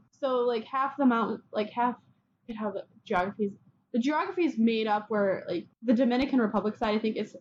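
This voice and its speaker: Woman podcast host, casual chatty history telling, slightly high voice, dull lo-fi sound. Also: a little mellow, a little hiss or hum. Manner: chatty, acts out people in quick quotes.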